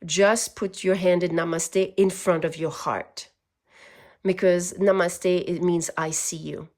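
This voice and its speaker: Woman tarot reader, fairly low-pitched voice, earnest, emotional, chatty spiritual reading. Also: fairly even intonation, slow, a little mellow. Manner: earnest, gets emotional, laughs.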